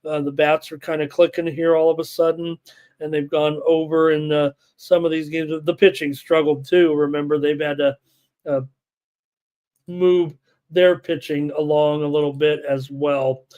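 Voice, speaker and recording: A man's voice: fairly high pitch, flat delivery, normal speed, darkish tone, smooth. A man hosting a live sports betting show, reading statistics, viewer chat and lineups with many filler words. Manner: rattles off numbers and lineups, many filler uhs.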